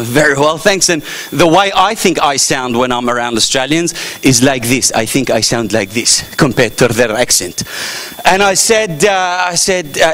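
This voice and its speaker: Bright, lively comedian working a crowd. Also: male voice, high-pitched. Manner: playful, self-mocking, crowd-working. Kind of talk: live stand-up hosting. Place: festival stage before a live audience. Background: audience faintly heard.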